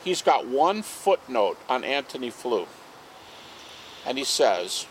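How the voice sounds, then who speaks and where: Animated man telling stories outdoors. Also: mid-range voice, slow, long pauses, a little hiss or hum, low-quality recording. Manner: animated, acts out quoted speech. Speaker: guest speaker. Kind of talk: anecdotal storytelling to a small group. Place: outdoor garden party.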